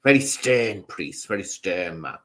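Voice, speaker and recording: A man's voice: low-pitched, expressive, a little slow, fairly bright tone. A man with a Scouse accent mixed with Southern Irish, hosting a casual live stream, rambling and answering comments from viewers.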